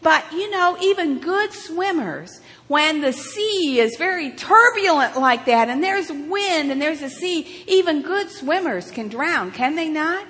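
A woman with a high, bright voice tells a story at an unhurried pace, acting out each moment with dramatic rises and asking her listeners questions as she goes. Her voice rings through a large hall with long reverb. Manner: animated, dramatic retelling with rhetorical questions. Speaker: children's sermon leader.

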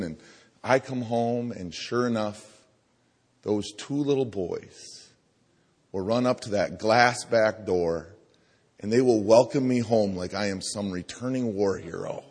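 A pastor preaching a sermon in a church, talking conversationally and coaxing the congregation to repeat phrases to each other. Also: male voice, on the low side, unhurried, darkish tone, slightly rough. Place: church sanctuary. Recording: long hall reverb.

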